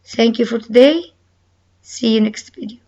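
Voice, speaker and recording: A woman teaching a recorded lesson with a slow, deliberate delivery, repeating key words and reading example sentences aloud. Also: a little high, mellow, lo-fi sound. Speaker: English teacher. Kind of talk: recorded online English lesson.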